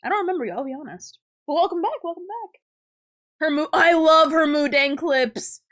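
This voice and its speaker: A young woman on a live stream chats with her viewers in a loose, rambling way. She giggles often and jokes crudely. Her voice sits a little high for a woman. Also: expressive, moderate pace, fairly bright tone. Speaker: livestreamer. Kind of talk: casual live-stream chat.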